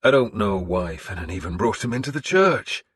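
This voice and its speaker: A man voicing a hardened, blunt warlord who gives gruff commands. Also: lowish voice, lively intonation, normal speed, slight background noise, close to an everyday voice. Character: hardened middle-aged male warlord, blunt. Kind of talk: audiobook character voice.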